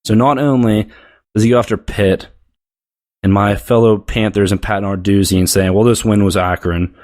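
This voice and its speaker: A man's voice: on the low side, fairly even intonation, moderate pace, a little mellow. Blunt, profane man ranting on sports. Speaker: sports podcast host. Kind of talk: opinionated sports rant.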